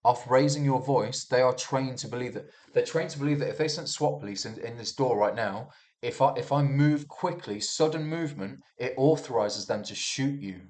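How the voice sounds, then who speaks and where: A man's voice: medium pitch, normal speed, darkish tone. A man giving a casual monologue about the news, talking heatedly with lots of restarts and swearing. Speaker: commentator reviewing the news.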